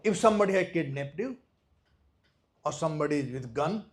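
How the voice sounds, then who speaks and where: A man with an Indian accent giving a devotional lecture, telling a story with loud stresses and soft drops and nonstandard English grammar. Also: fairly high pitch, animated, fairly quick. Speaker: visiting speaker at a temple.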